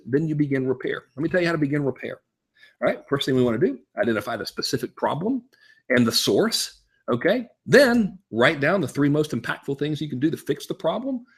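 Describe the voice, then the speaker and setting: A man teaching a casual business webinar as a coach, talking in an animated way and checking in with rhetorical "right?" and "okay?". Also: medium pitch, slightly rough. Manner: animated, frequent rhetorical "right?" and "okay?", swings up to emphatic peaks.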